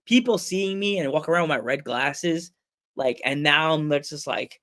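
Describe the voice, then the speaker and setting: A man's voice: fairly high pitch, normal speed. A man hosting a podcast, telling a story in casual chat, acting out other people's voices and laughing often. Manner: animated storyteller, acts out voices, laughs a lot. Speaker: podcast host.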